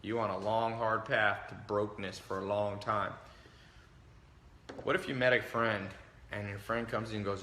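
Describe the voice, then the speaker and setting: A man hosting a livestream, giving a brash, animated motivational talk and acting out the voices he quotes. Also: fairly low pitch, moderate pace, roomy sound, a little hiss or hum. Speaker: livestream host. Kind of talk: motivational talk to a live audience.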